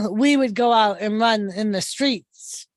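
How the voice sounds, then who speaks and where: A woman's voice: medium pitch, takes it slowly, no echo. A woman in her thirties with a Boston accent, chatting casually on a livestream and telling stories. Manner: chatty storyteller, acts out quotes. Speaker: co-host.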